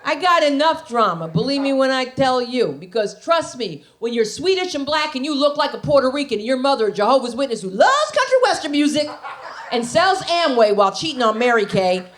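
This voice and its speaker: A woman's voice: high-pitched, sing-song, fairly quick. A woman comedian doing stand-up, telling stories brashly and with animation.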